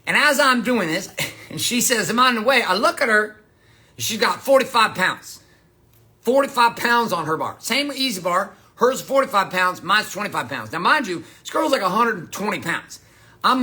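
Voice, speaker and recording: A man's voice: sits high, big pitch swings, moderate pace, bright, forceful tone, slightly rough. A man giving a blunt, profane motivational monologue as a coach.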